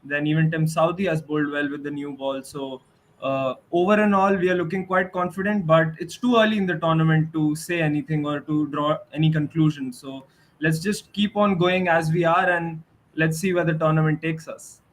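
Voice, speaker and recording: A man, a fan guest talking calmly and measured. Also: fairly high pitch, slight background noise, rough recording. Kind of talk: casual chat.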